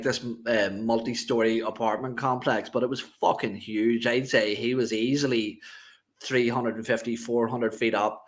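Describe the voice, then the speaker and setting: A man's voice: mid-range voice, a bit bright. A man co-hosting a podcast, telling stories with laughs and casual swearing. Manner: laughing storyteller, swears freely. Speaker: podcast co-host. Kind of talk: casual chat.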